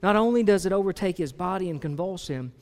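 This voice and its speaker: A man's voice: sits high, animated, quick pace, darkish tone. A man preaching a conversational sermon to a congregation, asking them questions directly and often restarting his phrases. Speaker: pastor. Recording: long reverb of a large hall.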